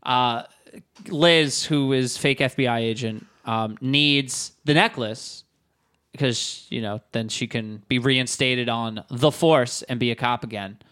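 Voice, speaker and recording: A man's voice: medium pitch, slow, fairly bright tone, smooth. A man co-hosting a casual comedy podcast, reviewing a movie with friends, joking and laughing often. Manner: jokey, laughs often, acts out quotes. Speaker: podcast co-host.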